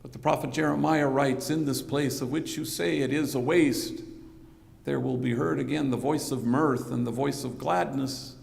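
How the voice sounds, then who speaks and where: A priest giving a conversational keynote speech, telling stories in an anecdotal manner with a bit of slang. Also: male voice, mid-range voice, fairly even intonation, normal speed, vocal fry, darkish tone. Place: conference hall. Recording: reverberant hall recording.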